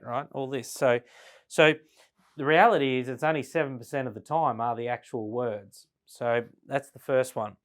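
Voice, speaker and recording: A man's voice: medium pitch, fairly even intonation. A man teaching a business class at a flip chart, talking casually and often checking in with "right?" as he explains. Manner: conversational, frequent "right?" tag questions; slows down and varies volume to demonstrate tone. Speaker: business sales trainer.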